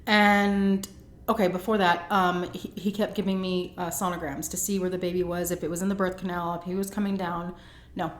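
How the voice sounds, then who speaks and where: A woman's voice: lowish voice, level tone, brisk. A woman vlogger telling a story to camera in a chatty, dramatic way, acting out what people said. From Texas. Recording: roomy echo.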